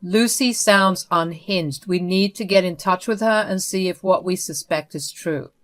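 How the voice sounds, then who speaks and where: Woman reading a first-person story, steady and even, kinda low voice. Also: measured pace. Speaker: story narrator.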